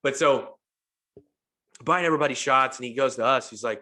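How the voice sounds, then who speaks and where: A man's voice: mid-range voice, quick pace. A man hosting a podcast, telling a long, profane party story in casual chat and acting out what people said. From St. Louis, USA. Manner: animated, profane, acts out quotes. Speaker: podcast host.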